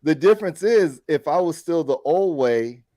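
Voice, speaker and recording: Animated storytelling man with a high-ish voice. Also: moderate pace. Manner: animated storyteller who acts out quoted people. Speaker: podcast co-host. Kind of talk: casual chat, storytelling.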